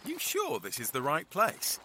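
A man's voice: on the high side, huge pitch swings, a little slow, bright, forceful tone, a little hiss or hum. A man in a comedy sketch, cheeky and wisecracking.

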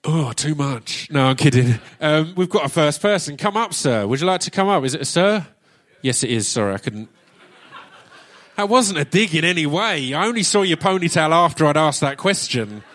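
A man from Essex, England, with an Essex accent, hosts a live audience Q&A on a theatre stage at a book launch. His fairly high, fairly bright voice is expressive and a little fast, and he jokes, swears, chats casually and restarts sentences.

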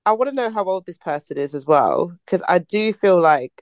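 A woman's voice: fairly low pitch, expressive, moderate pace, darkish tone, no room sound, highs cut off. A woman in her late twenties co-hosting a podcast over a video call, playful and teasing, laughing often. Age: late 20s. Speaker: podcast co-host. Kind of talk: casual chat.

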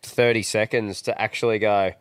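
Casting: young Australian man, podcast host, crude jokey banter, smooth voice. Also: fairly low pitch, moderate pace, dry recording. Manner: crude, jokey, animated storyteller. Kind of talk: casual banter.

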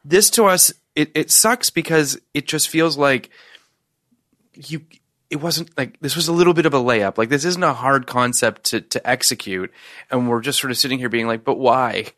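A man's voice: mid-range voice, normal speed, no echo, studio quality. Profane man ranting about a movie. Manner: profane, rambling, animated. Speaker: podcast co-host. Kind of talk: casual movie review chat.

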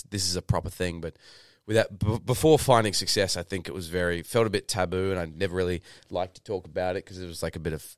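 Low-voiced young Australian man. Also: no room sound, studio quality. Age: 20s. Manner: rambling, lots of fillers and restarts, swears casually. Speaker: podcast guest, actor. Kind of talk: casual interview storytelling.

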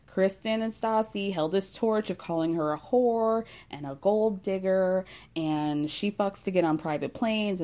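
A young woman hosts a casual podcast, gossiping with animated energy and plenty of swearing. Her voice sits at a middle pitch with a mellow, unforced color. She laughs often as she talks. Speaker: podcast host recapping reality TV. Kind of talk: casual chat.

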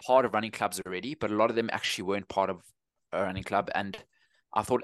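Guest: 30s South African man, low voice, dry close sound, relaxed and rambling. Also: fast, no room sound. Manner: easygoing, rambling with frequent restarts. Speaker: running coach, guest. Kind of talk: casual interview chat.

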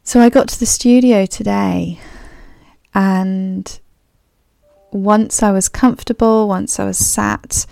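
A woman with a clipped, slightly posh English accent, who grew up abroad as a third culture kid, muses thoughtfully in a solo podcast monologue, with frequent ums and restarts. Her medium-pitched voice is slow, steady, and warm with vocal fry, recorded at studio quality with no echo.

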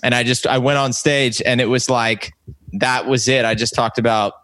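A man's voice: mid-range voice, steady tone, normal speed, a bit bright, no echo. Man, thirties, rambling comedy storyteller, full of ums and restarts, dry close sound. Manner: rambling, self-interrupting anecdotes with many fillers. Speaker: comedian guest. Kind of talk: casual storytelling chat.

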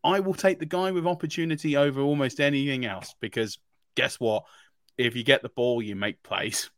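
A man's voice: mid-range voice, normal speed, no echo, studio quality. A man co-hosting a fantasy football podcast, talking through draft picks in a casual, emphatic way with frequent restarts and laughs. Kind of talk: casual sports analysis chat.

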